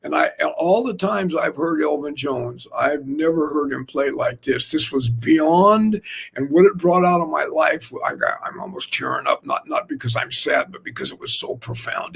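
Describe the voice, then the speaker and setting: A gravelly, husky older man spins jazz stories with a slightly high voice for a man. He rambles and talks with animated energy, dropping in lots of fillers. It sounds like a casual, unscripted chat. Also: measured pace. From Oakland, California. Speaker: jazz drummer telling stories.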